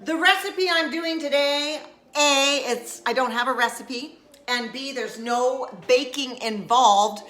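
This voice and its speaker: Woman host, casual live-stream chat, high and bright, playful, echoey kitchen. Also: slow pace. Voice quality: playful, chatty, greets viewers by name. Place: home kitchen.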